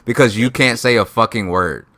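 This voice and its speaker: A man's voice: lowish voice, moderate pace, bright, forceful tone, dry recording, studio quality. A man arguing angrily and profanely in an online panel, confrontational. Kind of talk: heated voice-chat argument.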